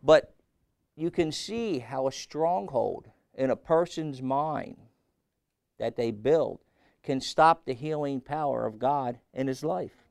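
A man delivers a sermon to his congregation in a gravelly voice, picked up dry and close. He keeps putting questions to his listeners, lifting his voice for emphasis and then dropping it low. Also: slow, a little mellow, dry recording. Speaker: preacher.

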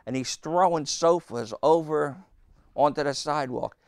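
A man's voice: on the high side, moderate pace, dry recording, clean studio sound. A man preaching a sermon, telling anecdotes with rhetorical questions and acted-out quotes.

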